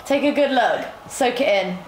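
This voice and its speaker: A woman's voice: high voice, lively intonation, moderate pace, roomy sound, noisy background. A woman joking, teasing and laughing during playful gameplay commentary. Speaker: gamer.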